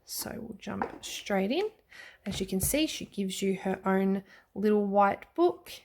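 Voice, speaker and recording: Australian woman, casual vlog host, mid pitch, chatty and gushing, lots of filler words and little apologies. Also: expressive, a little mellow. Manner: chatty and enthusiastic, frequent ums and quick self-corrections. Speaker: tarot deck reviewer. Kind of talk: casual tarot flip-through vlog.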